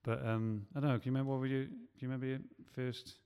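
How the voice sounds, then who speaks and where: A man's voice: mid-range voice, flat delivery, racing, dark tone, clear, resonant tone, long reverb tail. A man who writes and produces films, talking in a loose, rambling way and often stopping to correct himself. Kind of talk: casual chat.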